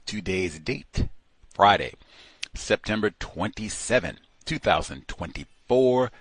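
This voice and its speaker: Slow, deliberate low-voiced male host. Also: lively intonation, husky, no room sound. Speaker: radio show host. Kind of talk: call-in radio talk.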